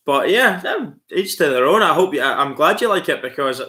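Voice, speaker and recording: A man's voice: on the high side, animated, a little fast, hardly any pauses, sharp tone. A man with a Scottish accent hosting a livestream, chatting casually and answering viewer comments in a friendly way. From Scotland. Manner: friendly and chatty, calls viewers mate, laughs often. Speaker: livestream host.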